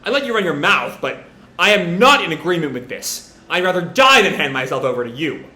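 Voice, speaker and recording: A man voicing a defiant, hot-headed young male ninja with loud, shouted lines. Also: fairly high pitch, very animated, brisk, exaggerated voice. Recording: roomy echo.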